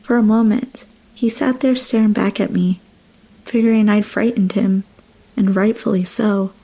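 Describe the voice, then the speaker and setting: A woman's voice: medium pitch, steady tone, moderate pace, warm tone. A young woman narrating a first-person horror story with dramatic, emotional delivery.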